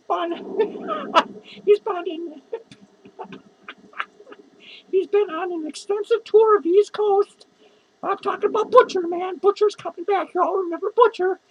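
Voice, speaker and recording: A woman's voice: very high voice, lo-fi sound. A woman playing a drunk, lonely, foul-mouthed female clown who rambles and swears in a rambling character vlog. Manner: rambling, profane, giggly.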